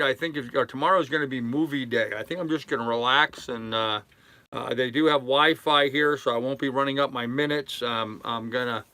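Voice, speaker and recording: Rambling older man, bright voice. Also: medium pitch, dry recording. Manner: rambling, relaxed, drawling with fillers. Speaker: sailing vlogger reading live chat. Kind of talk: casual live-stream chat. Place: aboard a sailboat in a harbor.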